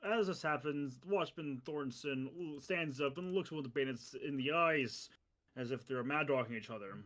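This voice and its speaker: A man narrating as game master of a tabletop game, dropping into gruff bandit voices. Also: on the high side, moderate pace, fairly bright tone.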